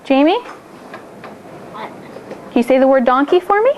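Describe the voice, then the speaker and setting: A woman teaching a phonics lesson to a small group of children, upbeat and encouraging, stretching out words slowly to model them. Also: high voice, expressive, lo-fi sound, slight background noise.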